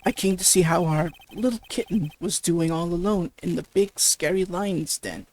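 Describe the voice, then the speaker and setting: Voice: medium pitch, animated, normal speed, darkish tone, slight background noise, natural voice. A reader voicing a cocky male senior attorney who teases his junior partner, in a visual novel game. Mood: teasing. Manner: smug, teasing, with stumbles. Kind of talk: reading game dialogue aloud.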